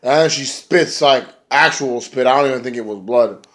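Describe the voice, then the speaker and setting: A man's voice: mid-range voice, moderate pace, a bit bright. A man casually recapping a wrestling show, rambling and profane with lots of "like".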